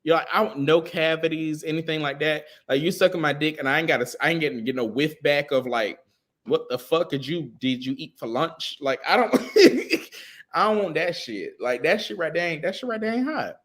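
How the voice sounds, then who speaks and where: A man co-hosting a podcast in casual chat, crude and animated, swearing constantly and sounding a bit tipsy. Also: a little high, a little fast. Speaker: podcast co-host.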